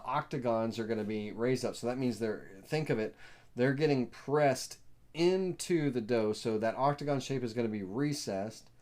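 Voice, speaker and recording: This man hosts a live software tutorial in a Southern US accent at a medium pitch. He rambles in a folksy way and uses lots of fillers.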